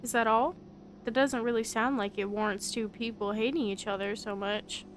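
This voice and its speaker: A woman's voice: fairly high pitch, fairly even intonation, normal speed, a little hiss or hum, lightly acted. A woman voicing an earnest, inquisitive young investigator in a visual novel. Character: polite young investigator searching for someone.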